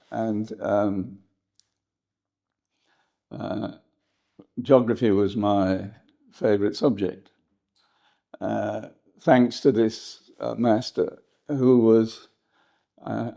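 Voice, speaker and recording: An older English historian reminiscing in an interview, rambling and hesitant, with frequent laughs. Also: male voice, mid-range voice, creaky, mellow. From England. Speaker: historian guest.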